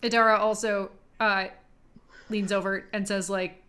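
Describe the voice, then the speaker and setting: A woman's voice: mid-range voice, flat delivery, measured pace, fairly bright tone, clear, resonant tone. A woman playing in a tabletop game, giggly and hesitant. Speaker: player. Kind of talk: casual tabletop play.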